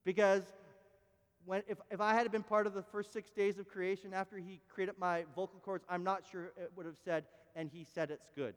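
A man's voice: high voice, flat delivery, normal speed, clear, resonant tone, in a large hall. A pastor preaching a sermon, emphatic, often repeating words and restarting his phrases. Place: church sanctuary.

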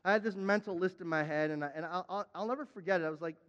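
A man preaching a sermon as a pastor, emphatic, repeating his words and now and then crying out loud. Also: sits high, rapid-fire, in a large hall, dull audio.

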